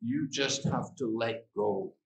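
A man voicing an old Buddhist master who clings to a tree and cries out for help, then calmly teaches his disciple. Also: mid-range voice, slow pace, creaky, pitched below the performer's own voice. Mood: calm teaching. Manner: crying out loud for help. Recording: echoey hall.

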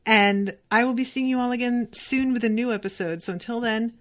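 A young woman hosting a casual book podcast, retelling the chapter in an excitable, swearing way and voicing the characters. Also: on the high side, brisk. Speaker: podcast host.

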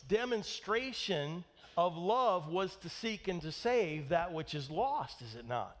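Male pastor, slightly high voice, emphatic sermon delivery with rhetorical questions. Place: church.

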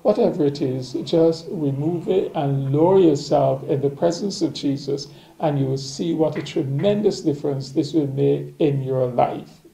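A man preaching a daily reflection, reading scripture and musing on it at a slow, thoughtful pace. His voice sits a little high for a man, yet it has a mellow, gravelly texture. The room around him rings with echo. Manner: slow, measured, reflective delivery.

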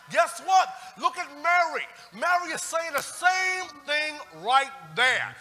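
A man preaching a sermon as pastor, emphatic, with call-and-response lines and bursts of shouting. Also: very high-pitched, sing-song, unhurried, few pauses, faint music behind. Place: church sanctuary. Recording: church broadcast with long reverb.

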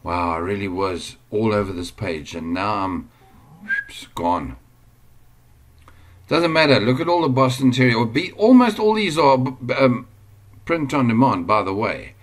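A man's voice: lowish voice, big pitch swings, a little slow. A man teaching an online business lesson at home, chatting casually while sharing his screen, digressing often and easily amused. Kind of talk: casual screen-share tutorial.

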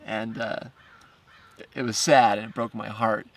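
A man telling a first-person story as the filmmaker of his documentary, halting and repeating words, with small laughs between phrases. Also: lowish voice, steady tone, creaky, recorded from a distance.

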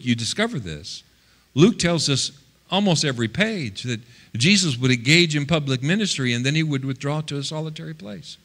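A male pastor preaching a sermon, swinging between loud, quick passages and hushed, slow ones. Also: on the high side.

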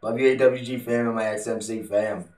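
A man's voice: fairly low pitch, fairly even intonation, fairly quick, darkish tone. A man vlogging to camera, telling a story in a blunt, casual way and swearing freely. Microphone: desktop USB mic. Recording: echoey room, distant from the mic.

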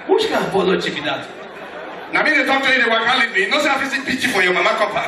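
A man with a Nigerian accent doing stand-up comedy on a concert stage, telling loud, animated stories. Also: racing, recorded from a distance. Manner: loud, animated storytelling with sudden shifts in pitch. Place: large concert hall with live audience. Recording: echoey hall, mic off a bit, crowd noise.

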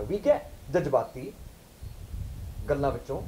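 A man from the UK giving an informal lecture to a camp audience, animated and questioning, mixing Punjabi phrases into English. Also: fairly high pitch, a little fast, slight background noise, poor audio. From United Kingdom.

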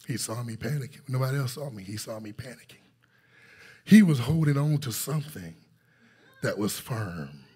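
Husky-voiced man preaching a storytelling sermon. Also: mid-range voice. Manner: storytelling preacher, calls out to the congregation, builds to excited intensity. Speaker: pastor. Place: church sanctuary.

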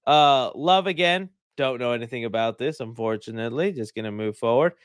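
A man's voice: mid-range voice, a little fast, smooth, no echo, clean studio sound. A man who reviews movies, giving casual reaction commentary with rambling, jokey asides.

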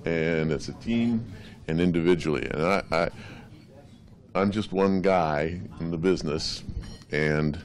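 A man in his sixties with a big deep voice, a radio DJ telling a rambling, hesitant story at a restaurant gathering. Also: unhurried. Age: 60s. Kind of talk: after-dinner tribute speech.

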